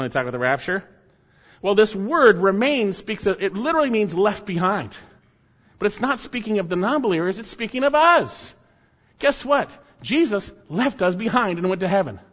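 A man preaching an expository sermon as pastor, emphatic, moving between loud stressed phrases and quiet asides. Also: high-pitched. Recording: dull lo-fi sound with long hall reverb.

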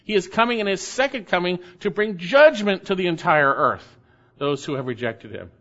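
A man serving as pastor delivers a verse-by-verse expository sermon in a high-pitched, bright, forceful voice at a moderate pace. He is expressive and emphatic, repeating key phrases for stress, and the recording is dull and lo-fi.

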